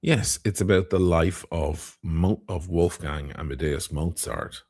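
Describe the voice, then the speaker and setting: A man hosting a casual live stream, talking in a very low, gravelly voice and reading out viewer comments as he chats. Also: steady tone, measured pace, darkish tone. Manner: chatty, reads viewer comments aloud.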